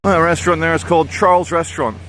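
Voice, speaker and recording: A man's voice: fairly high pitch, steady tone, fast, fairly bright tone. Rambling man vlogging outdoors. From Brazil. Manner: chatty, rambling, opinionated, self-correcting. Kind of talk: casual walking vlog. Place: outdoors in a town, walking. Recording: outdoor street noise.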